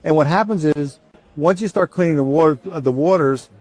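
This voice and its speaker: A man speaking casually, in a voice a little higher than most men's, as he recounts a personal story. He acts out the conversation, voicing each side and often restarting his sentences. The recording is dry and close, with no room sound. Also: fairly quick, no room sound. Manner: animated, acts out both sides of a dialogue, restarts often. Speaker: company founder telling his story.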